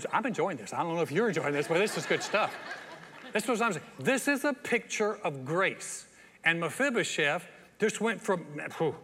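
A man preaching a sermon as pastor, a lively storyteller who acts out the scenes he describes. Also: high-pitched, husky. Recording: long hall reverb.

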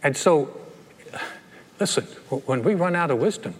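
A man preaching a sermon as pastor, animated and acting out playful voices. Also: fairly high pitch, moderate pace, slightly rough. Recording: long reverb of a large hall.

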